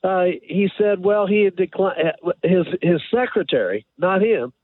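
A man calling in to a radio advice show, telling his story in a rambling, halting way with many pauses and fillers. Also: high voice, animated, breathy edge, no echo. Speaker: caller. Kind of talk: call-in radio question. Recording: tinny phone line.

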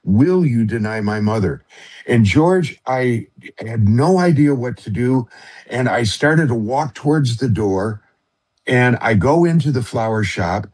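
Husky-voiced man telling a heartfelt story. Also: medium pitch, animated, a little mellow. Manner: earnest, halting, with many fillers and restarts. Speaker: radio show guest.

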